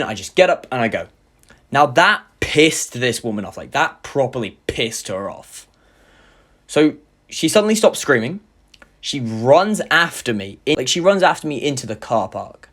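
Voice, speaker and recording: A young man tells a wild personal story on camera. He talks in an animated, rambling way, swears freely and leans on filler words. His voice sits at a middle pitch. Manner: animated retelling, heavy swearing, many fillers. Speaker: YouTuber. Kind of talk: storytime vlog.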